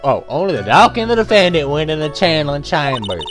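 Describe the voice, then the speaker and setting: A brash young woman photographer, as a player puts her on with a hammy Southern drawl. The delivery is loud and folksy and swings widely in pitch. Game music plays underneath. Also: sing-song, a little fast, close to an everyday voice. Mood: chatty. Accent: put-on Southern US drawl. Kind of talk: voicing game dialogue while playing.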